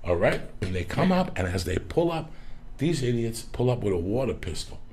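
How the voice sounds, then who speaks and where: Gravelly, raspy-voiced New man. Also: mid-range voice, moderate pace. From Cuba, raised in New Jersey. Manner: loud, animated, profane storyteller who bursts into shouts. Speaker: podcast host. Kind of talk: casual storytelling chat.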